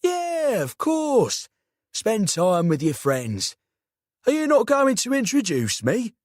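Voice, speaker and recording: A man's voice: sits high, huge pitch swings, slow, no echo, clean studio sound, voice pushed up, heavily acted. A man voicing a brash, teasing middle-aged uncle with a South London accent. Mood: coaxing. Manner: cheeky, teasing.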